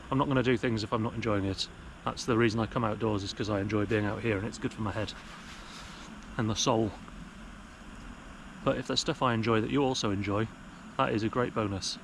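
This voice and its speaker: A man's voice: lowish voice, creaky, fairly bright tone, a little hiss or hum. A young British man vlogging while sitting outdoors in woodland, chatting in a wry, self-mocking way with rambling jokes, recorded on an action camera. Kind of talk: casual chat to camera.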